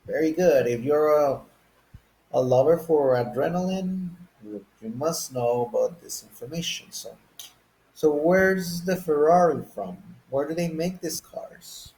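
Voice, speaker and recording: A man's voice: on the high side, measured pace, a little mellow, low-quality recording. A man teaching a beginner English lesson, speaking patiently and asking learners to guess and repeat words after him.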